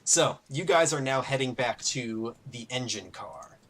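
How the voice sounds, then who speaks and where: A man running a tabletop game as game master, narrating and explaining in a relaxed way with many fillers. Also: mid-range voice, measured pace.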